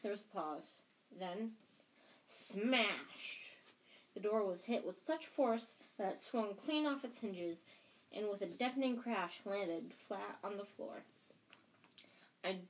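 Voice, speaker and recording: A woman's voice: mid-range voice, expressive, unhurried, slight background noise. Woman casually reading an audiobook. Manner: plain, unpolished reading with restarts. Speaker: audiobook reader and podcast host.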